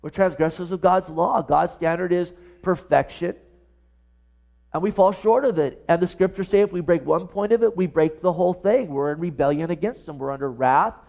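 A man's voice: high-pitched, normal speed, vocal fry, darkish tone. A pastor preaching a sermon to his congregation, earnest and full of direct questions to his listeners. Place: church service.

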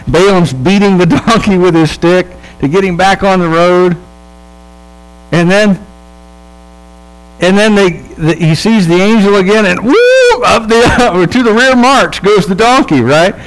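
A pastor giving a sermon in a relaxed, humorous storytelling manner, checking in with his listeners and acting out the people in the story. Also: high voice, measured pace, low-quality recording. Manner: casual, humorous storytelling with quoted voices; conversational, checks in with the audience.

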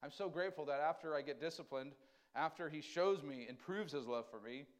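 A man preaching a conversational sermon, asking the congregation questions and swinging between loud emphasis and quiet, tender lines. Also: on the high side, brisk. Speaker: pastor.

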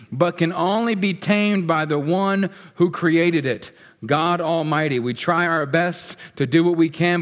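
A man preaching a sermon as pastor, talking directly and playfully to his congregation. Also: a little high. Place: church sanctuary. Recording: echoey hall.

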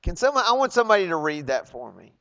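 A man preaching a sermon, animated and questioning his listeners. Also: sits high, rapid-fire, dull audio. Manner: animated, acts out quoted voices, loud emphatic bursts; asks the congregation questions.

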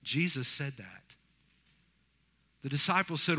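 Speaking at medium pitch and a normal pace, this pastor in his fifties has a sharp tone. He delivers a chatty sermon in the church sanctuary, weaving in stories and imitating what others said.

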